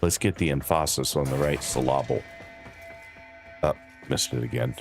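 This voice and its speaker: A man's voice: rumbling low, normal speed, soft background music. A man streaming a game, chatting with his viewers in a dry, wry, casual way. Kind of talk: casual live-stream commentary.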